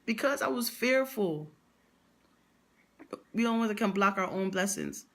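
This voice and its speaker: A woman's voice: medium pitch, animated, unhurried, a bit bright. A young adult woman speaking, telling a motivational story with emphatic repetition and slang. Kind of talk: motivational vlog monologue.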